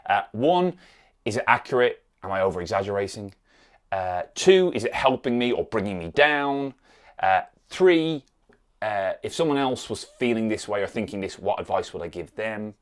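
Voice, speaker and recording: A man's voice: lowish voice, expressive, normal speed. A man recording an unscripted vlog on a phone, rambling with many fillers and restarts, sometimes dropping to a near whisper. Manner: drops to a near whisper at times. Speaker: vlogger.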